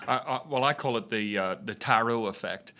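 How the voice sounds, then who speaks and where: A man's voice: mid-range voice, normal speed, pushed and bright. A man, a pastor co-hosting a casual chat, speaking thoughtfully with some hesitation. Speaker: pastor and podcast co-host.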